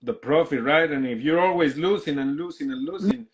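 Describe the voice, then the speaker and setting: A man's voice: a little high, brisk. A man hosting a livestream who mostly gives short replies and moves the talk along. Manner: brief backchannel replies. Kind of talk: casual chat.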